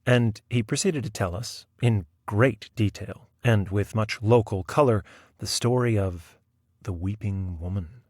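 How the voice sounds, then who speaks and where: A man reading a short story aloud in measured scripted narration. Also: fairly low pitch, no echo, clean studio sound. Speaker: audiobook reader.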